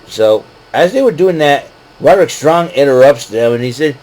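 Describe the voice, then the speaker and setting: Male host, mid-pitched, loose rambling recap with laughs and a faint background hum. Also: expressive, fairly quick, hardly any pauses, darkish tone, rough recording. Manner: rambling, laughs often, hesitant fillers. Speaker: podcast host recapping wrestling. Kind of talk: casual recap.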